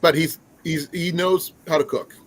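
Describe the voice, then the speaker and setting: A man's voice: fairly high pitch, fairly even intonation, normal speed, slight background noise, rough recording. A man hosting a casual live stream, chatting in a rambling way with many fillers and restarts. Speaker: livestream host.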